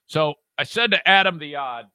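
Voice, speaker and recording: A man's voice: on the high side, animated, moderate pace, pushed and bright, clear, resonant tone, no room sound. A man hosting a podcast, talking in a rambling, profane and jokey way. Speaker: podcast host. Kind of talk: casual podcast chat.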